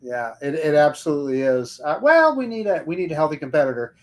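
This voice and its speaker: A man's voice: on the high side, lively intonation, fast talker. A man as a guest on a live-stream talk panel, speaking casually and bluntly with stumbling restarts.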